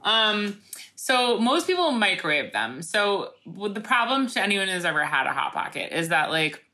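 A woman's voice: mid-range voice, sing-song, moderate pace, sharp tone. A woman co-hosting a casual podcast, sarcastic and profane, rambling with lots of fillers. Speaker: podcast co-host.

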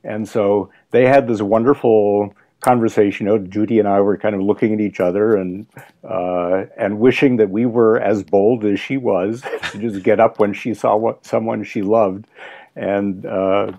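An older man, a guest author, reminiscing in casual conversation in a halting way, with many pauses and restarts. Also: on the low side, fairly even intonation, creaky, warm tone. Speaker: guest, food science author.

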